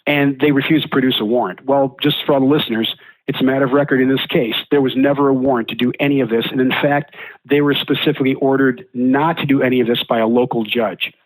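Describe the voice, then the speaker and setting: Guest man, blunt and indignant, mid-pitched, dry close sound. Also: fairly even intonation, quick pace, no echo, low-quality recording. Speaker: interview guest. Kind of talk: casual recounting of events.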